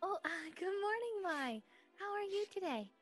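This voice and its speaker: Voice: very high-pitched, big pitch swings, moderate pace, a bit bright, faint music behind, heavily acted. A player voicing a timid, hungry young mushroom forager who stammers and hesitates. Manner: flustered and hesitant.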